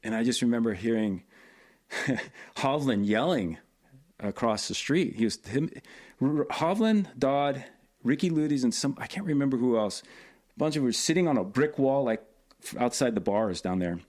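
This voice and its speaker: Male guest, mid-pitched, storytelling animatedly, loose filler-heavy delivery. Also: normal speed. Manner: animated, lots of filler phrases. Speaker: podcast guest, tournament organizer. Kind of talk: casual storytelling.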